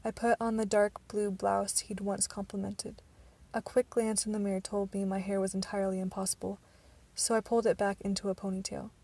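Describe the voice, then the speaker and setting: Woman with a gravelly, flat reading voice. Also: medium pitch, a little fast, few pauses. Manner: stumbling, with restarts. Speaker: audiobook narrator. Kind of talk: amateur audiobook reading.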